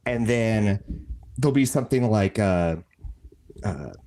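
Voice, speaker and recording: A man's voice: fairly low pitch, animated, slow, mellow, a little hiss or hum. A man chatting as a podcast guest, self-deprecating and rambling, breaking into laughter. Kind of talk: casual chat.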